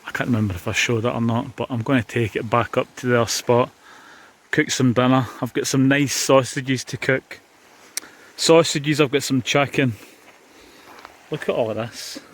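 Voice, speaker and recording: A chatty Scottish man talks casually to his viewers, outdoors on a beach. His pitch sits in a middle range. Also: steady tone, normal speed. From Scotland. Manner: chatty, addresses viewers as guys. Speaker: vlogger. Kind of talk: casual outdoor vlog chat.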